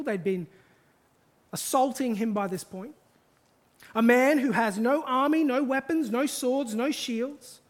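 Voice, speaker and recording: Emphatic preacher, slowing for weight. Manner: emphatic, building lists for stress; slows and drops low on key phrases. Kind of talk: sermon.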